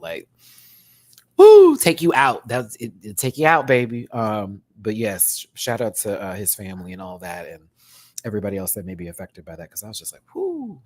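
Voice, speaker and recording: Animated man chatting on a livestream. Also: fairly low pitch. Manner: animated, chatty, swings between loud and hushed. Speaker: YouTube reality TV reviewer. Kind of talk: casual livestream commentary.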